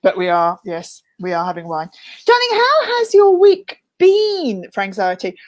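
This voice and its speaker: A woman's voice: medium pitch, huge pitch swings, measured pace. A woman co-hosting a casual video podcast from a room in a mountain house, playful and teasing. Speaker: podcast co-host.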